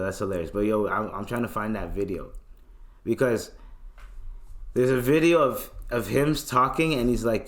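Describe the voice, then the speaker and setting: A man's voice: on the low side, expressive, moderate pace, long pauses. Profane rambling podcast guy. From Canada. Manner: loose, profane, rambling rant with slang. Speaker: podcast host. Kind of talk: casual solo commentary.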